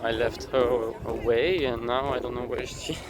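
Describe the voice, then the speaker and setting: A young man chats casually through a travel vlog, rambling and restarting his sentences. He is recorded outdoors on busy city streets, with a camera catching loud traffic behind him. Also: medium pitch, steady tone, normal speed. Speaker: travel vlogger. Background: traffic noise.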